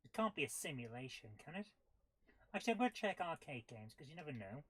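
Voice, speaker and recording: A woman's voice: deep voice, sing-song, quick pace, no echo. A woman streaming retro games, thinking aloud as she plays and reacting with amused disbelief. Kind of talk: casual live gameplay commentary.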